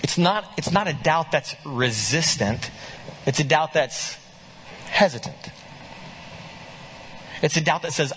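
A man preaching a sermon, reading scripture aloud and pressing his listeners with animated, emphatic questions. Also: mid-range voice, slight background noise. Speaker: pastor.

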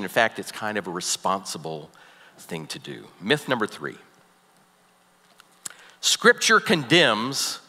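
A man preaching a sermon as a pastor, animated, swinging from loud emphasis to soft, near-whispered passages. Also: a little high, big-room sound.

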